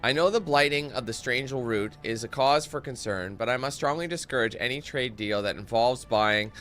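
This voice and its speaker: A man's voice: medium pitch, moderate pace, a bit bright, faint music behind. A young man giving casual, joking gameplay commentary, reading in-game texts aloud and breaking off into parody singing.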